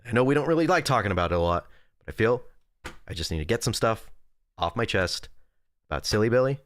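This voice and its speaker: A man's voice: fairly low pitch, lively intonation, fast talker, a bit bright. A young man streamer in rambling, jokey casual chat with his viewers at a desk indoors.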